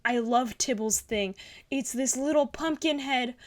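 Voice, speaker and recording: A woman's voice: on the high side, unhurried, fairly bright tone. A young woman hosting a casual art review, gushing and rambling with lots of fillers. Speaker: art channel host. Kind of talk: casual art critique commentary.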